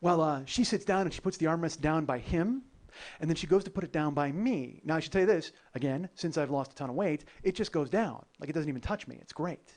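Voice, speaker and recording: A man's voice: fairly high pitch, expressive, brisk, darkish tone. A man hosting a comedy podcast, telling a long travel story in a loose, profane way and often laughing at his own jokes. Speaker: podcast host.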